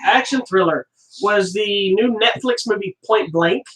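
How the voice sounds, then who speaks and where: A man's voice: sits high, a little slow, fairly bright tone, recorded from a distance. A man co-hosting a casual movie review podcast, rambling and joking, often correcting himself mid-sentence. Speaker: podcast co-host. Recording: roomy sound from off-mic.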